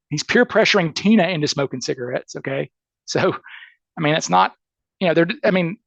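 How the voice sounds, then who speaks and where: Man, Southern accent, gravelly voice, dry close sound, emphatic guest explaining evidence. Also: high-pitched, no echo, highs cut off. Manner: emphatic, keeps checking in with "okay?" and "right?". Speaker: criminal defense attorney as guest. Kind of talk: podcast interview, explaining a case.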